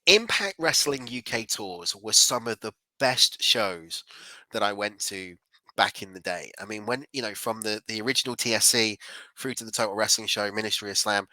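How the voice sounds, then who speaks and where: A man in his forties hosts a podcast, mixing news reading with upbeat, self-deprecating casual chat. His voice is lowish, bright and forceful, and the rough recording has no room sound.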